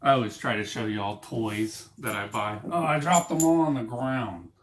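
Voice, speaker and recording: A man's voice: mid-range voice, moderate pace, echoey room, a little hiss or hum. A man hosting his own small broadcast, rambling casually with many fillers and restarts, in a room lined with books. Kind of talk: casual rambling talk to camera.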